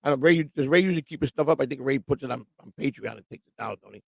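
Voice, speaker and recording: A man with a gravelly, rough-edged voice rants through a casual morning livestream. He rambles, swears freely and mocks people by quoting them. The sound is dry and close, with no room around it. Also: mid-range voice, rapid-fire, no room sound. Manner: profane, rambling, quotes people mockingly. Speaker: livestream show host. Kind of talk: casual ranting chat. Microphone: livestream microphone.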